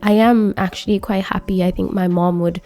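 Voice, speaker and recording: A woman's voice: medium pitch, steady tone, mellow, lightly acted. A woman voicing an earnest young boyfriend. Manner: casual, quick paraphrased dialogue. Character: young man sim, grieving, earnest boyfriend.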